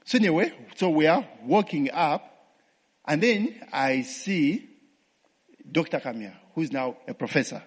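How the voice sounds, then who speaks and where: A man's voice: fairly high pitch, slightly rough, long reverb tail. A man with a Ugandan accent gives a testimony sermon, tossing in call-and-response tags like "eh?" and "what?" and laughing to himself. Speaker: preacher.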